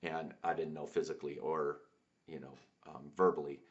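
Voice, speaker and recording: A very low-pitched man, hosting his own show, tells a personal story in a reflective, searching way. He halts often, fills gaps with fillers and starts his sentences over. The recording sounds dull and lo-fi. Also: flat delivery. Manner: halting, many fillers and restarts. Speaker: podcast host.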